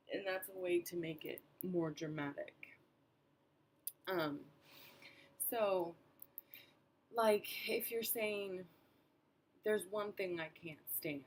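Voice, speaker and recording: A woman's voice: lowish voice, a little hiss or hum. A young woman giving a class presentation, casual and full of fillers as she reads from her notes. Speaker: student presenter.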